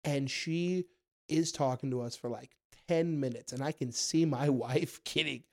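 A young man telling stories in a casual podcast chat, acting out quotes in a high voice. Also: measured pace. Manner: animated storyteller, acts out quotes in a high voice. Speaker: guest, food content creator.

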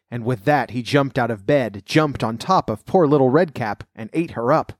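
A man calmly narrating a fairy tale in a measured storybook reading. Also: medium pitch, no echo, studio quality.

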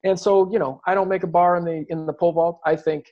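A man's voice: high-pitched, steady tone, fast talker, hardly any pauses, a little mellow. A man telling his story in an interview, earnest and reflective, often restarting his sentences. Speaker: guest athlete. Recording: dull lo-fi recording.

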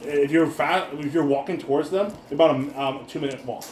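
A man narrates a tabletop zombie game as its game master, stumbling and repeating words as he lays out the scene. His voice sits a little high. The sound is roomy and echoey, with a faint hiss behind it. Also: fairly quick, a little mellow. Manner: stammering, repeats words while explaining.

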